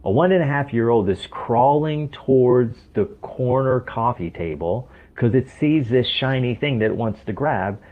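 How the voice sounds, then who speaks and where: Over a tinny, phone-like line, a stress coach appears as a podcast guest, explaining things emphatically in an interview and often posing rhetorical questions. His medium-pitched voice has lively intonation and a moderate pace with few pauses.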